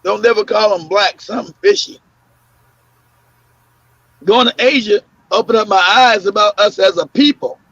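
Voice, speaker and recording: A man's voice: high-pitched, normal speed, vocal fry, pauses often, fairly bright tone, no echo. A man hosting a casual talk show, telling loose stories with many fillers, restarts and laughs. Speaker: podcast host. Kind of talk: casual conversational storytelling. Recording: muffled lo-fi audio.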